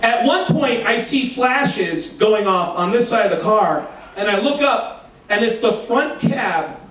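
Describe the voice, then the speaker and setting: A high-voiced male comedian tells a raunchy story on a live stage, animated and full of swearing. His voice carries through a very echoey room. The mic sounds far off, with a faint hum of ambience behind him. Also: unhurried. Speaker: stand-up comedian. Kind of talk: stand-up storytelling. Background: audience laughter.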